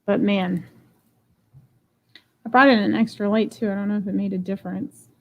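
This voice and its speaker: A woman's voice: mid-range voice, steady tone, moderate pace, lo-fi sound. A woman selling jewelry on a live stream, chatting playfully and joking about herself as she unboxes and runs auctions. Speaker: online jewelry seller. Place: home room.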